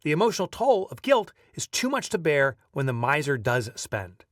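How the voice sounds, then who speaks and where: A man reading his own audiobook aloud, lively as a storyteller and breaking off now and then for casual asides. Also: on the high side, moderate pace, dry recording, studio quality, far from the mic. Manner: lively storyteller who breaks off to chat offhand. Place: video recording setup.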